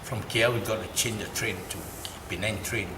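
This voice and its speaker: A man with a Malaysian English accent telling a personal story to an interviewer. He talks in an animated way, repeats phrases and turns louder and higher when quoting people. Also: a little fast. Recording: roomy, noisy ambience.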